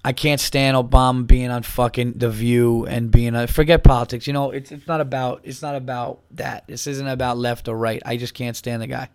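A man's voice: mid-range voice, level tone, normal speed, hardly any pauses, a little mellow, clear, resonant tone, no room sound. A man hosting a podcast, a little buzzed, ranting profanely in a rambling casual monologue. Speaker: podcast host.

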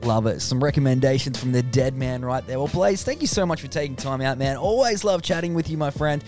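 A man's voice: medium pitch, lively intonation, a little fast, darkish tone, soft background music. A man hosting a casual interview, upbeat and enthusiastic. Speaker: podcast host.

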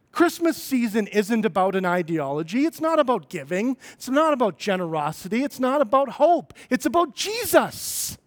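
A man preaching a sermon as pastor, talking conversationally and then building to emphatic, rising points. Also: very high voice.

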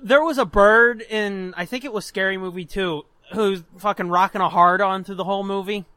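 A man co-hosting a podcast, telling crude stories in an animated way and laughing often. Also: sits high, normal speed, smooth, dry recording. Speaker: podcast co-host. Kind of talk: casual chat, storytelling.

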